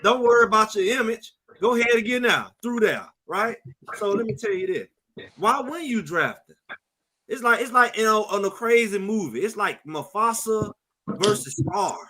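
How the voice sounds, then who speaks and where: Male sports show host: high, bright voice; animated, stammering repeats, acts out scenes. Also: normal speed, poor audio. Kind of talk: casual sports talk show.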